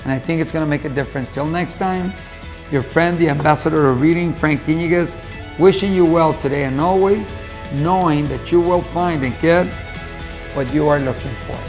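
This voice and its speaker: A man delivering a motivational talk to camera, folksy and conversational, circling back to repeat his lesson. His voice is gravelly, with a fair amount of creak, and sits a little higher than most men's. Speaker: motivational speaker. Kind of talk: motivational storytelling monologue.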